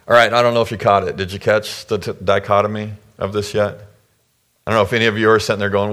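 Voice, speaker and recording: A man's voice: fairly low pitch, level tone, fast talker, a bit bright. A middle-aged male pastor giving a conversational sermon to his church, acting out the people he quotes with sudden jumps in voice.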